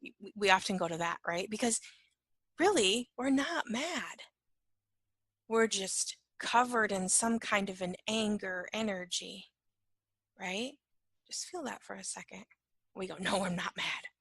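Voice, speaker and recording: An empath teacher gives an informal spoken lesson, talking conversationally, often asking "right?", acting out little dialogues, and sometimes dropping to a soft whisper. Her medium-pitched voice has a breathy edge and she speaks a little slowly with long pauses. The recording is dry.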